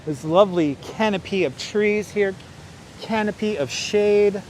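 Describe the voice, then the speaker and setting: A man's voice: high voice, unhurried, darkish tone, a little hiss or hum. A man hosting a walking livestream outdoors on a city park walkway, joking with viewers, thanking them by name and breaking into playful singing, on a clip-on wireless mic. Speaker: livestream host. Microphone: wireless clip-on mic, phone on gimbal.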